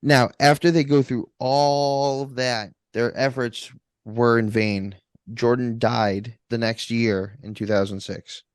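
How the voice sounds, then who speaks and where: A man co-hosting a podcast, presenting a case in casual chat, halting with fillers and restarts. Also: medium pitch, steady tone, smooth, dry recording, studio quality.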